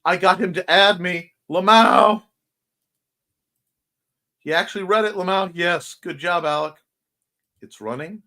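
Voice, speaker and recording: A man's voice: sits high, normal speed, sharp tone. A man hosting a casual livestream morning show, chatting playfully as he reads out and answers viewer comments. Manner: chatty and playful, jumping between topics.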